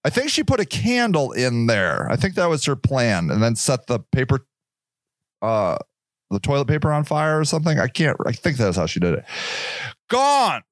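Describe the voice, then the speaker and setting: A man's voice: mid-range voice, wildly swooping pitch, normal speed, no echo. A man hosting a podcast, telling a story in a rambling, casual monologue, swearing freely and stumbling over repeated words. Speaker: podcast host.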